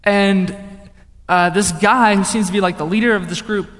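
A young man from the northern United States telling a personal testimony, animated, swinging between loud outbursts and hushed, low passages. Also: fast. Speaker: speaker giving a testimony. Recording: long reverb of a large hall.

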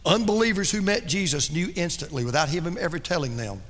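High, bright-voiced preacher man in a hall. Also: brisk. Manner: dramatic preaching that drops soft and low for emphasis. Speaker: pastor. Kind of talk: sermon.

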